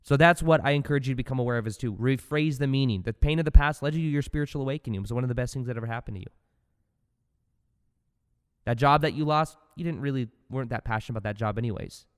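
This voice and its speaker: A man hosts a spiritual self-help podcast in a loose, animated motivational style, dropping into low asides and then jumping to loud bursts. His voice sounds smooth and resonant at a middle pitch. A long reverb trails after his words. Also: racing. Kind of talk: casual motivational talk.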